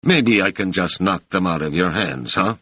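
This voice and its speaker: A man's voice: deep voice, lively intonation, normal speed, sharp tone, breathy edge, no echo, full character voice. A man reading an audiobook voices a swaggering male street thug who taunts and mocks his victims. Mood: mocking. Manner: taunting, sneering. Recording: dry, slightly muffled lo-fi audio.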